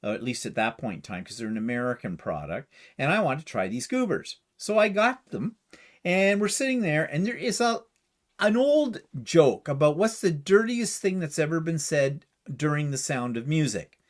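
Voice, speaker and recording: Middle-aged man from Canada, chatty storyteller, fairly high voice, very lively pitch, casual livestream chat. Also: moderate pace. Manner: chatty storyteller, laughs easily. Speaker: co-host.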